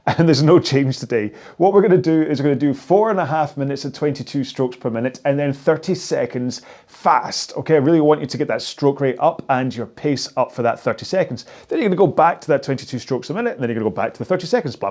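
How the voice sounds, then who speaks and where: A man's voice: fairly high pitch, a little mellow. A man giving chatty, jokey, encouraging instructions while he rows along on a rowing machine. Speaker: rowing coach. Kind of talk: follow-along workout instruction.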